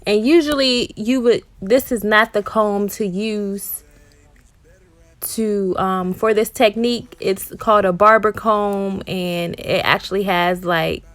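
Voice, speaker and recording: A woman's voice: medium pitch, fairly even intonation, slow, no echo. A woman, a mother and hair vlogger, narrating a home haircut in a casual, explanatory voice-over full of ums and likes.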